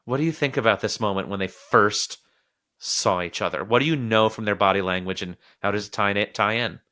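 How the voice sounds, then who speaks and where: Bright-voiced man hosting a film podcast. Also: fairly low pitch, brisk. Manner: animated, often quoting characters in little acted voices. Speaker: podcast host. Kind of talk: casual film discussion.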